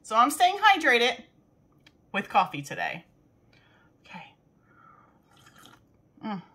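A woman's voice: fairly high pitch, wildly swooping pitch, slow, bright, forceful tone, husky. A woman venting casually to her camera from a home desk, rambling, swearing and exasperated. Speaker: beauty vlogger. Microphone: camera zoomed in at a desk.

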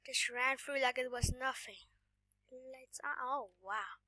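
A woman giving casual gameplay commentary while sick, coughing now and then, excitable and often dropping to a whisper. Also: sits high, slow, no room sound. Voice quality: voice sounds off today. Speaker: gaming YouTuber.

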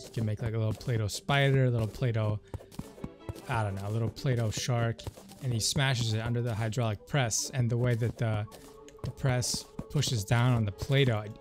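A man giving casual, rambling commentary as he plays a video game. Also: mid-range voice. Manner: chatty, rambling asides. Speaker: let's play host. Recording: game music behind the voice.

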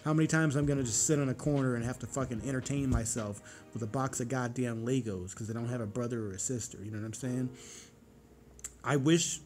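A man's voice: mid-range voice, steady tone, a little fast, darkish tone, soft background music. A man in his forties vlogging in a casual, rambling monologue, cursing freely and getting heated. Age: 40s.

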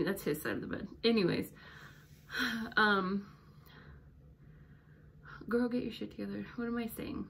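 A woman's voice: medium pitch, a little hiss or hum. A young woman vlogging from her bedroom, rambling and chatty with many fillers, a little out of breath. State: slightly out of breath. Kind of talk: casual vlog talk to camera. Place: bedroom at home.

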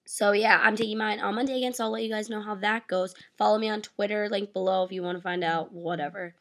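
A teenage girl vlogging, venting with frustration and plenty of swearing, acting out both sides of a conversation in a flat quoting voice. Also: medium pitch, fast, hardly any pauses. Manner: frustrated, profane, animated retelling; reenacts dialogue in flat quoting voice. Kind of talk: casual venting to camera.

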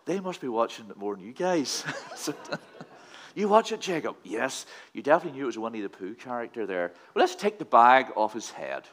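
A man's voice: mid-range voice, big pitch swings, fairly quick, few pauses, fairly bright tone. A man giving a playful children's address in a church service, asking the children questions. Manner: playful, quizzing kids with questions. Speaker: leader of a children's talk in church.

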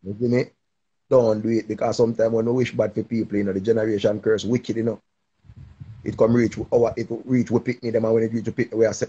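A man's voice: on the low side, level tone, quick pace, mellow, husky, highs cut off. A man, hosting a casual advice chat and encouraging a listener in a preachy tone. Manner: preachy, encouraging, patois-heavy. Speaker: live stream host giving advice.

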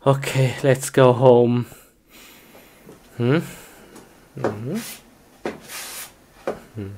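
A woman acting out a comedy skit, excitable, breaking into shrieks and giggles. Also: extremely low pitch, extremely slow, slight background noise.

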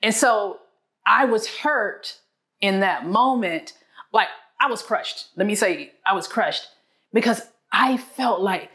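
Animated woman telling a marriage story. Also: slow. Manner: animated, acts out her own quotes with big pitch jumps. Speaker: guest on a marriage talk show. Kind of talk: candid storytelling talk. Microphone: lapel mic.

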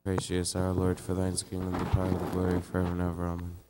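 A man reciting church prayers in a fast, flat, chanting monotone during a live-streamed liturgy. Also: low-pitched, heavy background noise. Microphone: live stream mic.

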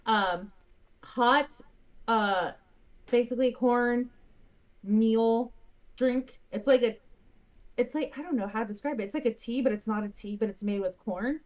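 A woman's voice: on the high side, unhurried, long pauses. A woman chatting casually with friends while gaming, explaining things at length and laughing often. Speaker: streamer. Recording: slightly dull lo-fi mic.

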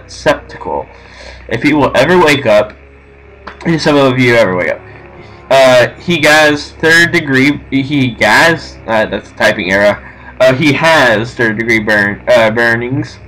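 A man playing a game, commenting nervously to himself and haltingly reading on-screen text aloud. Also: mid-range voice, a bit bright, slight background noise, poor audio. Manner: jumpy, nervous self-talk. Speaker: game streamer. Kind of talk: let's-play commentary.

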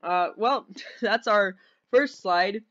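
A young man giving casual, rambling commentary over gameplay, easily excited and giggly. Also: high-pitched, takes it slowly. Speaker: gaming video host. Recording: dull lo-fi sound.

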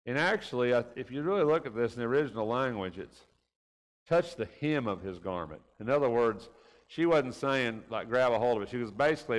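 A man teaching a conversational Bible class in church, in a folksy way, often tagging his points with questions like "right?" and "didn't he?". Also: fairly high pitch. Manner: folksy, keeps asking rhetorical tag questions. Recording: reverberant church room.

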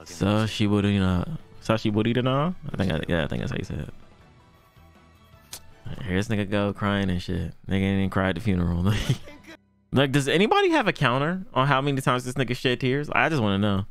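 A man's voice: lowish voice, big pitch swings, fast, faint music behind. A man hosting an anime reaction channel, talking in loose, slangy, profane commentary and laughing often.

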